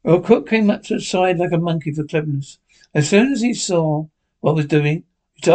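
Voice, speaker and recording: A man narrating a classic adventure story in an even, steady reading tone, his voice sitting a little high for a man. He stumbles and restarts now and then. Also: moderate pace, rough recording. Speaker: audiobook narrator.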